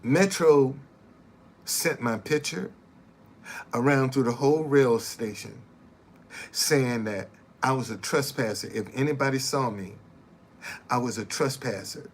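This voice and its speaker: A man's voice: medium pitch, unhurried, pauses often. A middle-aged man, a former bus driver, telling his story in casual, emphatic talk and repeating his points.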